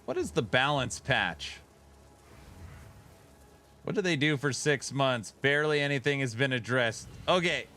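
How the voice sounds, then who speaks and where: A man's voice: mid-range voice, lively intonation, measured pace, pauses often, pushed and bright. A man streaming, reading viewer comments aloud in a casual, wry, amused way. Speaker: streamer reacting to game patch notes.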